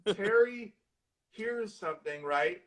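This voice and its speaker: A man co-hosting a casual horror movie chat, retelling scenes excitedly and swearing constantly. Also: sits high, a little slow. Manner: excitable, profane, storytelling with lots of swearing. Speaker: horror movie discussion co-host. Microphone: live social video stream.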